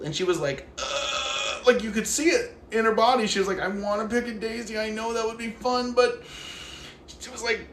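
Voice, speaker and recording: In a very high-pitched voice at a moderate pace, a man rants casually on a phone livestream as he walks his dog. The sound is reverberant with a little hiss or hum. An animated storyteller, he acts out the people in his stories and swears freely.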